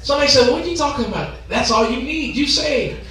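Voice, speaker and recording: High bright preacher guy hollering with "huh" gasps, echoey church mic from far off. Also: expressive, fast talker. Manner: call-and-response preaching with rhythmic "huh" gasps; shouting and drawing out key words. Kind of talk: Pentecostal sermon. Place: church sanctuary.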